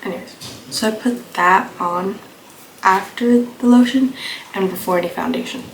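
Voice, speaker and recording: A young woman, a beauty vlogger, chats casually through her makeup routine into a phone camera, rambling and leaning on fillers at normal speed. Her middle-pitched voice is slightly hoarse because she's coming down with a cold. The room is echoey, with clear noise underneath.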